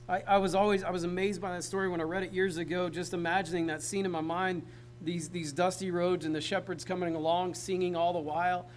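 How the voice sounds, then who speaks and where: A pastor with a high voice preaches casually and conversationally, speaking straight to the congregation and often asking them questions. The low-quality recording has a little hiss or hum.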